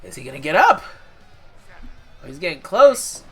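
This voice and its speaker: Woman game streamer, casual amused chatter, bright, lowish voice. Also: very animated, moderate pace, slightly rough, soft background music. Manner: chatty, amused, thinking aloud. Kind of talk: casual gameplay commentary.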